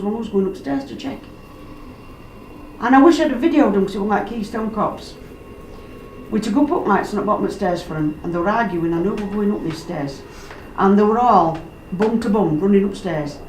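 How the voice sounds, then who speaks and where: Woman, chatty storyteller, mid pitch, roomy distant recording. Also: brisk. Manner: animated, acts out quoted voices, dialect grammar. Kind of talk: casual storytelling. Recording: roomy, distant mic, background noise.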